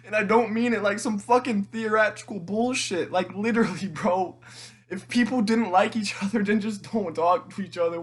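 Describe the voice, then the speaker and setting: A teenage man in an emotional monologue to camera, tearful and halting, rambling with frequent restarts and swearing. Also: high voice, breathy edge. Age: teens. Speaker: vlogger.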